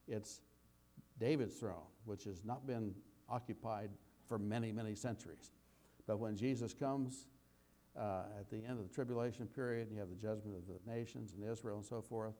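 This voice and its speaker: Mellow-voiced man teaching scripture. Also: mid-range voice. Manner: conversational, rambling with restarts, slows to read scripture aloud. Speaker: Bible teacher. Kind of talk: sermon.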